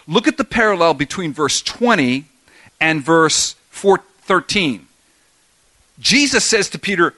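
A man's voice: on the high side, very animated, unhurried, bright, forceful tone, dry recording. A man preaching a verse-by-verse sermon, emphatic and full of rhetorical questions to his listeners. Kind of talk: expository sermon.

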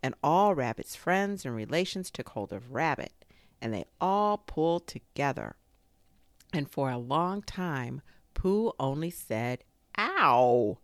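Slow, expressive woman storyteller. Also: sits low, no room sound. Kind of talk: storybook reading.

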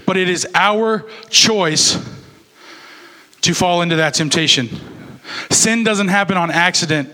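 A man's voice: high-pitched, pushed and bright. A young man preaching a sermon as a youth pastor, in a casual, conversational way with fillers and restarts.

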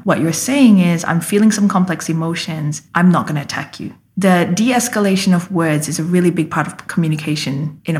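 A woman's voice: lowish voice, a little mellow. A woman leadership coach speaking as an interview guest, explaining emphatically and acting out example phrases.

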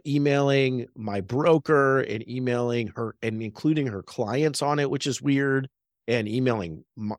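A man's voice: mid-range voice, no room sound. An earnest man in his thirties tells a workplace story in casual podcast chat. He often checks in with his listeners by asking "right?" His mid-range voice sounds dry and close to the mic. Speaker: real estate agent and podcast co-host. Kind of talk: casual faith-based business podcast chat.

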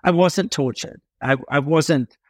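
A man from England telling a story as an interview guest, animated, with dramatic pauses and emphatic swings in pitch. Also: husky, no room sound, clean studio sound.

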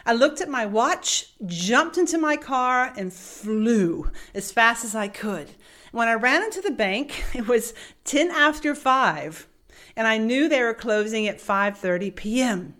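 American woman telling a story onstage, kinda high voice, lively, laughs along. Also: measured pace. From United States. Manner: animated, vivid, laughs through the story. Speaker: motivational speaker. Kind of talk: storytelling talk.

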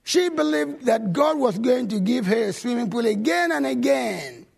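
A male pastor telling stories in a sermon, animated and swinging from loud bursts to low asides. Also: normal speed, creaky. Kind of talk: sermon storytelling.

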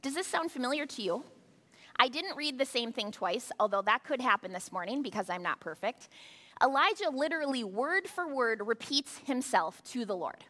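A woman's voice: fairly high pitch, lively intonation, moderate pace, bright, forceful tone. A woman pastor giving a sermon, talking conversationally with rhetorical asides to the congregation. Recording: long hall reverb.

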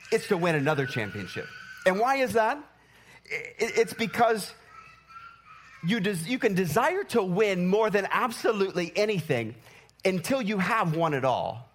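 A man's voice: high voice, fairly bright tone. A man preaching a sermon, teaching through everyday examples and often checking in with the congregation. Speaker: pastor.

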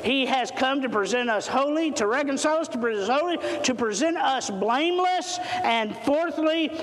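A man preaching a sermon, stressing and repeating key words and swinging between soft passages and loud, ringing ones. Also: very high-pitched. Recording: echoey hall with long reverb.

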